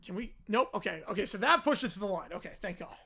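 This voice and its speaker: A man hosting a live stream, reacting with loud disbelief and laughter. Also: high voice, expressive, fast, vocal fry.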